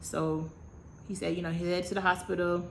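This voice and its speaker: A woman in her thirties with a somewhat low voice tells a personal storytime to her viewers. She is animated and dramatic, repeating words for effect and slipping into slangy, self-mocking asides. A faint hiss sits behind her. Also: brisk, vocal fry. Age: 30s. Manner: animated, dramatic retelling with repetition. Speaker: vlogger. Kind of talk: casual storytime.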